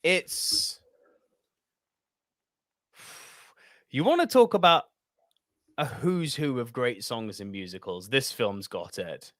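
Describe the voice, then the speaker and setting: A British man with a posh English accent, co-hosting a podcast in casual chat, theatrical and quick to mock himself. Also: medium pitch, lively intonation, a bit bright, dry recording, clean studio sound. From Britain. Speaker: podcast co-host.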